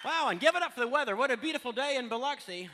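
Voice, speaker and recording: A man's voice: very high voice, animated, racing, over loud music. A man doing a crude, self-mocking stand-up comedy set on a casino stage, bantering with the crowd.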